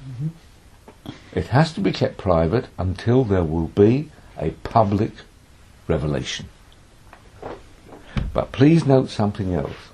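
A man's voice: fairly low pitch, very animated, slow pace, pauses often, dark tone, a little hiss or hum. A man teaching a lesson on a biblical text, reading Hebrew verses aloud, translating them, and giving quoted speech dramatic emphasis. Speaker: Bible teacher.

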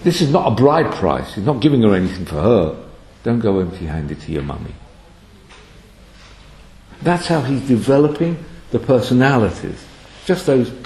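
Lively man lecturing on scripture. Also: mid-range voice, normal speed, echoey room, low-quality recording. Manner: reads Hebrew verses then translates and explains. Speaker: Bible lecturer.

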